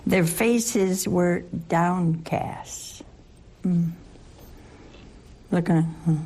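A woman leading a Catholic Bible study, teaching in an animated, playful way and asking her listeners questions. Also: fairly low pitch, extremely slow. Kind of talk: lively scripture teaching to a group.

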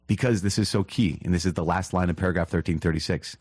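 A man hosting a teaching podcast, reading catechism passages and explaining them in an earnest, animated way with quick asides. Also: low voice, breathy edge, no room sound. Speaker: priest podcast host.

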